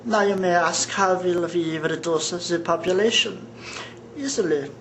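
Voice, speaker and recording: Brief: a person putting on a crappy German accent as a scheming elite villain, slow, with a faint hum behind. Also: medium pitch, a bit bright. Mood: menacing. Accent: put-on German accent.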